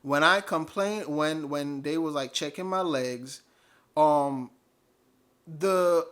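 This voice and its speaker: A man telling a personal story casually, animated and full of fillers. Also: a little high, takes it slowly, clean tone. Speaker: vlogger.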